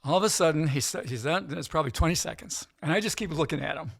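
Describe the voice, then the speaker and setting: A middle-aged man, a gambling expert guest, telling an animated story in casual interview chat and often tagging his lines with "right?". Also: fairly high pitch, quick pace, vocal fry, dry recording, clean studio sound.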